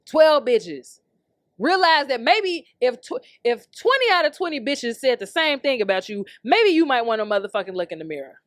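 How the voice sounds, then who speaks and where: Brash swearing woman ranting, fairly high voice. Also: very animated, moderate pace, a bit bright, dry recording, clean studio sound. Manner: brash, heated, swears constantly, laughs often. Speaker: podcast host. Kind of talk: profane comedic rant.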